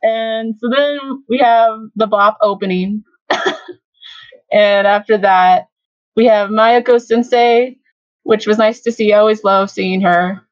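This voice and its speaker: A woman's voice: mid-range voice, fairly even intonation, takes it slowly, dry recording, lo-fi sound. A young woman hosting a casual fan podcast, chatty and giggly, with lots of fillers. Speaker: podcast host.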